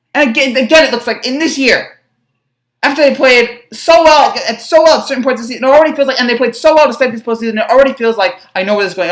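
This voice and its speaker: A woman's voice: a little high, a bit bright. A young woman ranting as a sports fan vlogger, frustrated and rambling, with stammered restarts. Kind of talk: fan reaction rant. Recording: echoey room.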